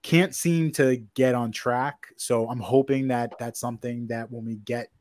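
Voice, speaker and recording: Male podcast co-host, loose filler-heavy chat, mid pitch, dry booth sound. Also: fairly even intonation, measured pace, a little mellow, no room sound. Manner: rambling, filler-heavy, self-correcting. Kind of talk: casual sports chat.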